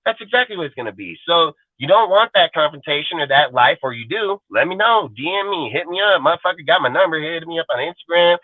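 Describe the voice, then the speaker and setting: Brief: man, higher-pitched voice, angry profane livestream rant, tinny phone-like sound, dry. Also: expressive, fast, few pauses, no echo. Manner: profane, confrontational, taunting. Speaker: channel host.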